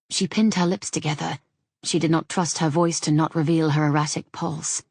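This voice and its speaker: A woman narrating a romance audiobook in an intimate, husky reading. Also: low voice, steady tone, moderate pace, a little mellow, no room sound, studio quality.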